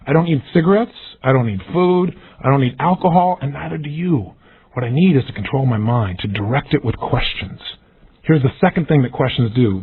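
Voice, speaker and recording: A man giving an energetic, emphatic motivational seminar talk, acting out the questions he quotes. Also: medium pitch, husky. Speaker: motivational speaker. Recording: tinny phone-like lo-fi audio.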